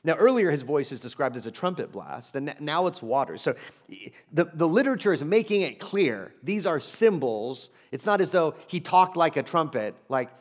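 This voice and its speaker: Higher-voiced man preaching a sermon. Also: sing-song, moderate pace. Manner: conversational and emphatic, with asides and humor. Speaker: pastor.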